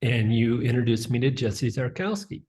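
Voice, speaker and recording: A man's voice: mid-range voice, expressive, moderate pace, darkish tone. Man team leader, friendly and direct, casual chat. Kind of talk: casual conversation.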